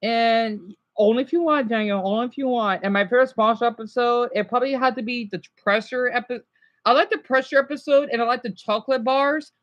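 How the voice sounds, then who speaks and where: A woman's voice: on the high side, fairly quick, muffled recording. A woman streamer chatting casually over clips, rambling with many restarts.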